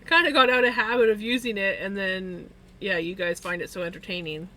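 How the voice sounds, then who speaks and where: A woman's voice: medium pitch, fairly quick, bright, forceful tone, slight background noise. A woman streaming from home, chatting casually and laughing often between remarks. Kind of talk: casual chat while streaming.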